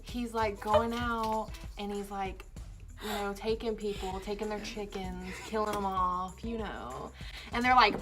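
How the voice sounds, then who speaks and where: A woman's voice: a little slow, over music. A young woman telling a storytime tale in casual chat, acting out her friends' frantic lines. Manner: animated, acts out friends' panicked lines in a high voice. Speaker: vlogger.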